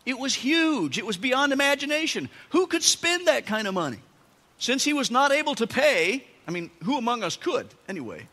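A pastor preaching a sermon, telling the story with animated asides and dramatic emphasis. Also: male voice, very high voice, normal speed. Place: church sanctuary. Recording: long church-hall reverb.

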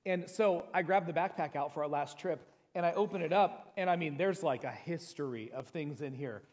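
A middle-aged man preaching a sermon as pastor, talking in a conversational, joking way with personal stories and reading scripture slowly with emphasis. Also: fairly high pitch, darkish tone. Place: church sanctuary. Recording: long church hall reverb.

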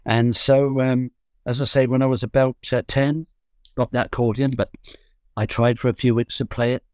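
A man's voice: medium pitch, level tone, normal speed, a little mellow, smooth, no echo, clean studio sound. A man in his seventies from London, a guest musician recalling his youth in rambling, self-correcting, joking talk. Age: 70s. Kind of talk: relaxed storytelling.

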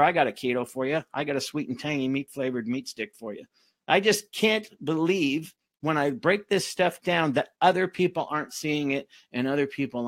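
A man's voice: a little high, dry recording. Sarcastic man with a dry, close sound. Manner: sarcastic, exasperated, lively; addresses viewers as folks. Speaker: fitness coach hosting a webinar. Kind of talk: live webinar talk reading out labels.

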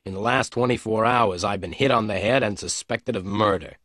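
A man reading an audiobook as a hard-boiled male private detective who speaks quietly and levelly. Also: fairly low pitch, moderate pace, no room sound, clean studio sound, natural voice. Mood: calm.

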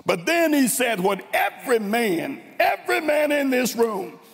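A man from Tennessee with a Southern accent, preaching a fervent sermon with drawn-out, dramatic emphasis in a large church. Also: very high voice, very animated, creaky. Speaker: guest preacher. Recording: long reverb in a large church.

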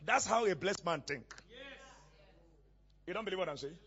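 High, lively-voiced male preacher. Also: moderate pace, lo-fi sound. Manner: preaching, questions the congregation and has them fill in words; rising to shouts at times. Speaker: pastor. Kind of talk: sermon with call-and-response.

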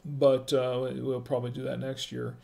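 A man's voice: medium pitch, completely flat delivery, normal speed, creaky, mellow. A middle-aged man hosting a casual live-stream wine tasting, chatting with viewers in the chat and greeting them by name.

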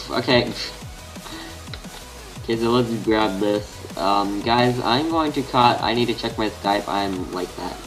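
An Australian man with a fairly low voice chats casually over his game, thinking aloud and trailing off mid-sentence as he plays. His talk wanders and stops and starts, and a faint music track plays softly behind him. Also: slow pace. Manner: rambling, thinks aloud, mutters half-finished sentences to himself. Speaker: gaming channel host. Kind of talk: casual gameplay commentary.

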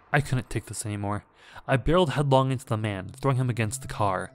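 A man reading a scary story aloud in a measured, dramatic way. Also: lowish voice. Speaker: horror story narrator. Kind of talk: scripted horror story narration.

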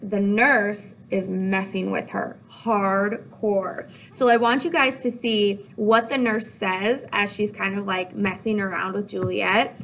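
A woman teacher giving a casual, chatty video lesson, animated, with lots of "like" and "okay?". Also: medium pitch, a little hiss or hum, rough recording.

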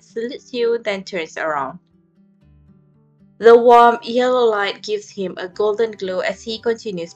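Soft-spoken woman reading a story. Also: mid-range voice, muffled recording. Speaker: narrator and reader of the heroine's lines. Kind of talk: calm second-person story narration.

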